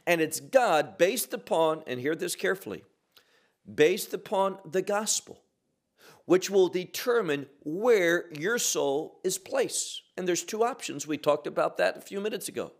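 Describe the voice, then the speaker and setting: A middle-aged man teaching a Bible passage verse by verse, slow and deliberate, stressing key words with sharp rises and drops. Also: high-pitched, animated.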